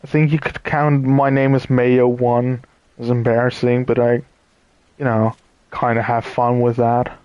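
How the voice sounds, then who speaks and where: Tired man thinking aloud slowly. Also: mid-range voice, level tone, darkish tone, dry recording, muffled recording. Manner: thinks aloud with pauses, chatting to viewers. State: tired and yawning. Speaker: streamer playing a puzzle game. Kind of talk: casual let's-play commentary.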